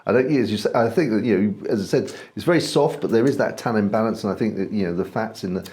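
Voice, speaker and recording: A man's voice: lowish voice, fast, a little mellow. A man co-hosting a casual wine-tasting chat, enthusiastic and rambling, trailing off mid-sentence. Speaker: wine review co-host.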